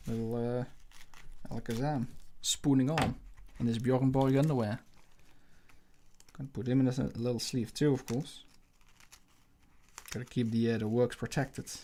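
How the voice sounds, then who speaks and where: A man's voice: mid-range voice, warm tone, a little hiss or hum. A man hosting a casual livestream while he draws, with rambling, crude, joking chatter into a desk microphone. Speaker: livestream host.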